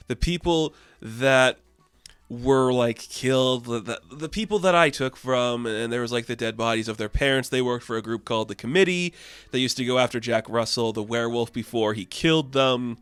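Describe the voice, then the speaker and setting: A man casually recapping a comic issue in a rambling, excitable way, filling his talk with "like". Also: mid-range voice, normal speed, clean tone, dry recording, faint music behind. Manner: rambling, heavy use of "like", excitable. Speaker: comic book reviewer.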